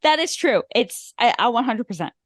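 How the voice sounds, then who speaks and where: A woman's voice: a little high, animated, moderate pace, no room sound. Young woman cohost on a movie podcast, dry close sound, wry little quips. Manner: wry, short reactions and side stories. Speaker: podcast co-host. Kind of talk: casual chat.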